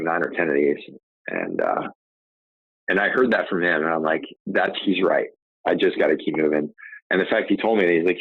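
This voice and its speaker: A man's voice: low-pitched, no room sound. A man, a podcast host, casually telling a personal story, rambling with frequent restarts and fillers. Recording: tinny phone-like line, dry.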